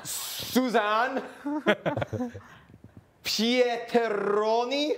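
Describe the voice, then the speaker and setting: A woman's voice: on the high side, very slow, a little hiss or hum. A woman on a reality show, chatting casually and playfully with frequent giggles, recorded on a body mic indoors. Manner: giggly, playful, laughs between words. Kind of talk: casual chat.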